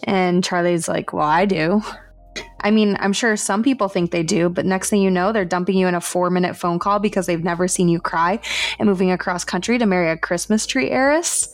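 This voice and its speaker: A woman with a lowish voice talks through a story in a laid-back podcast recap, full of easy fillers. The sound is dry and close, with faint music under it. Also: brisk, no room sound. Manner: relaxed recap with many fillers like "like" and "you know". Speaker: podcast co-host. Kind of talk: casual book review chat.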